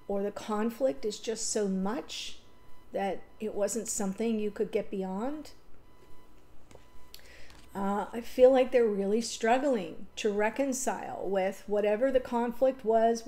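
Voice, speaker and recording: A woman's voice: fairly high pitch, measured pace, warm tone. A woman giving a casual spoken tarot reading, emotional and rambling, with fillers and self-corrections. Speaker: tarot reader.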